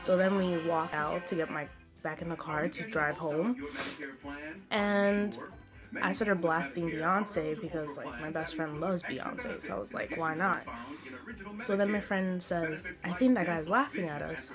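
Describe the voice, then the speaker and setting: A young woman telling a story-time vlog in a chatty, animated way, full of "like"s. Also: fairly low pitch, unhurried. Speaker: vlogger. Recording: music playing behind the voice. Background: music.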